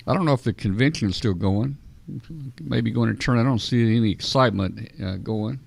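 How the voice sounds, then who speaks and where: A man hosting a casual radio roundtable, folksy and often clearing his throat. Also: lowish voice, normal speed. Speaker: host.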